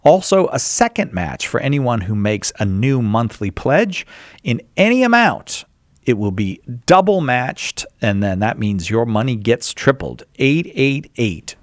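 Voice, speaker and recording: A man hosting a live call-in radio show, making a rambling, lively fundraising pitch with lots of fillers. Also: no echo, studio quality. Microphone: studio microphone.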